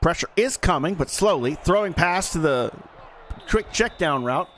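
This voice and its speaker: A man's voice: on the high side, expressive, normal speed, fairly bright tone, slight background noise. A man giving live play-by-play commentary on a simulated football game in a folksy, joking manner that talks straight to the audience.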